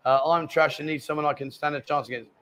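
A man's voice: fairly high pitch, fairly even intonation, fast talker, fairly bright tone. A man hosting a casual live chat show from a bar lounge, joking and bantering with the staff. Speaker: host.

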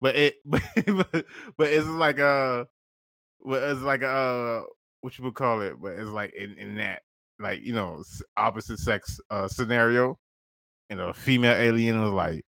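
A man co-hosting a podcast, telling a wild comic story in a loose, profane way, laughing often and jumping into squeaky high voices. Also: unhurried, a bit bright, no echo. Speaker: podcast co-host. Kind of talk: casual comedic storytelling.

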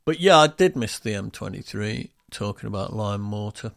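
Gravelly man, rambling chat. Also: lowish voice, expressive, moderate pace, no room sound, clean studio sound. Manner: rambling, acts out builders' questions in raised voices. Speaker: podcast co-host. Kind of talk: casual chat.

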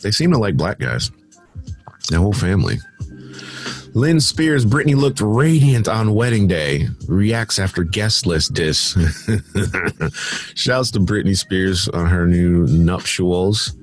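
A man's voice: low-pitched, very animated, slow, soft background music. A man hosting a show, reading out celebrity headlines and tossing in dismissive, sarcastic asides. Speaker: host. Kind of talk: casual headline commentary.

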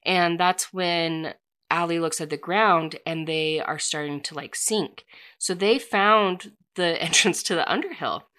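Woman, lowish voice, casual story recap, filler-heavy delivery. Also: unhurried, pushed and bright, clean tone.

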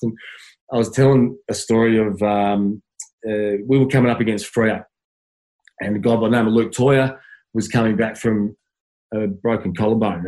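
A man's voice: on the low side, darkish tone, poor audio. An Australian man, a former footballer, telling stories in a casual interview, stumbling over restarts and laughing as he goes.

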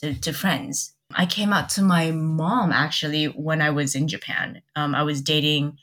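A young woman with a notably low voice tells a personal story in relaxed conversation. She speaks candidly, often stopping to restart a thought and acting out what people said to her. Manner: candid, halting, many restarts and quoted dialogue. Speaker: podcast guest. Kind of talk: personal storytelling in casual chat.

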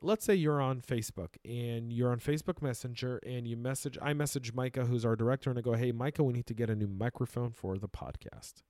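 A man's voice: medium pitch, a little fast, hardly any pauses, mellow, no room sound. Chatty male podcast host, dry studio sound. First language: Arabic. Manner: conversational, emphatic, with frequent restarts. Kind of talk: casual podcast monologue.

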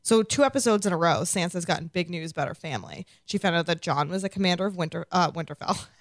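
A woman's voice: fairly low pitch, fast talker, no echo, studio quality. A woman co-hosting a podcast, chatting casually and bluntly, swearing freely. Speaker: podcast co-host. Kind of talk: casual chat.

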